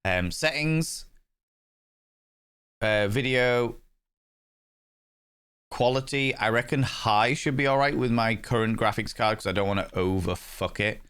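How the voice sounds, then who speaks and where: A man's voice: medium pitch, unhurried, pauses often, a bit bright, clear, resonant tone. A man streaming a game, chatty and rambling while he sets up settings. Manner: chatty, rambling and self-mocking. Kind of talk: casual live-stream commentary.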